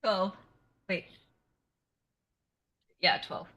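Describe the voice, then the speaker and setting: Bright-voiced woman playing a tabletop game. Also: on the low side, lively intonation, drawn-out words. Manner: chatty, giggly. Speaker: player. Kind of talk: casual tabletop play.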